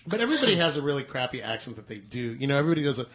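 A man's voice: mid-range voice, big pitch swings, very fast, fairly bright tone. A man hosting a casual podcast chat, rambling and self-mocking. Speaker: podcast host.

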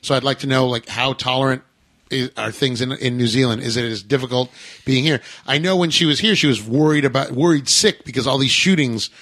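A man hosting a podcast in casual chat, chatty and animated, with frequent halting restarts. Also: medium pitch. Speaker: podcast host.

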